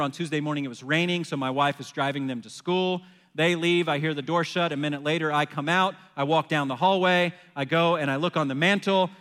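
A man in his forties preaching a sermon, telling a personal story in an animated way and acting out his own panicked phone call. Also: fairly high pitch. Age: 40s. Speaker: pastor. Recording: long hall reverb.

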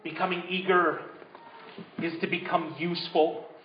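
A man preaching a sermon as pastor, building to emphatic peaks and dropping to hushed prompts for the congregation. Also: on the high side, flat delivery, a little slow, a little hiss or hum. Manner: drops to a hushed voice leading a congregation. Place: church sanctuary. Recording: roomy, dull church recording.

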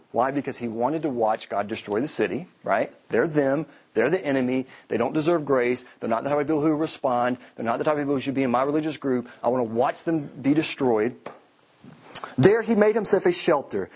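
A man's voice: medium pitch, slightly rough. A man preaching a sermon, with joking asides and acted-out quotes. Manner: animated, joking asides, acts out quoted lines. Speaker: pastor.

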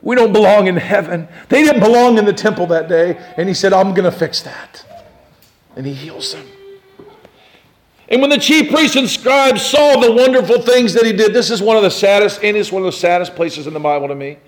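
High-voiced, animated male preacher. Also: fairly quick. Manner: animated, swings from loud to hushed; speaks directly to listeners with questions. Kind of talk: sermon.

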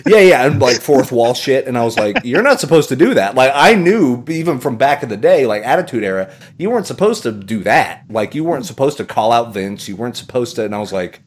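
A man's voice: medium pitch, fairly quick, hardly any pauses. A man chatting casually on a podcast, telling stories and acting out what other people said. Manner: animated storyteller, acts out quoted voices. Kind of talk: casual chat.

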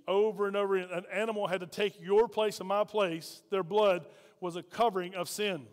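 A pastor with a high, light voice preaches in a folksy way and keeps calling questions out to his congregation. His words ring with the long reverb of a church hall. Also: steady tone, fairly quick. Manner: folksy, call-and-response preaching. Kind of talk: sermon.

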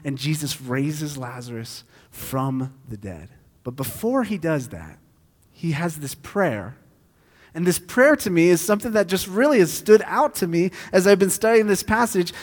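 A man preaching a sermon, shifting between quiet, hushed stretches and loud, intense passages. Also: sits high, expressive, moderate pace, long reverb tail. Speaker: pastor.

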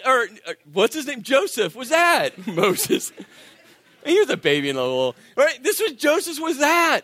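A man preaching a sermon, telling stories with acted-out voices and sinking to quiet intensity. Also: high-pitched, dry recording. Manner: animated storytelling, acts out voices, drops to quiet intensity. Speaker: pastor.

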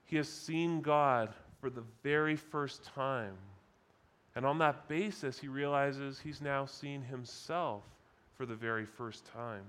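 Slow, deliberate male preacher. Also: medium pitch, a bit bright. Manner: deliberate, emphatic, repeats key phrases. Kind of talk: sermon. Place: conference session.

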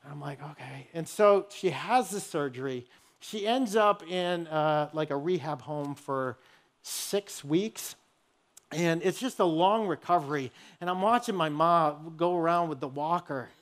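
High-voiced man preaching a sermon. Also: unhurried. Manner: earnest, storytelling preacher. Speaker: pastor.

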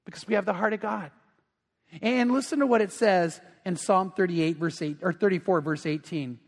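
High-voiced pastor preaching in a reverberant hall. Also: male voice, moderate pace. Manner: earnest, swells louder on emphatic points. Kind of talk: sermon. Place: large church sanctuary.

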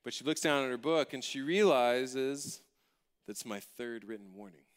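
Man, pastor, sermon storytelling, humorous, animated, smooth clear voice. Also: medium pitch, normal speed.

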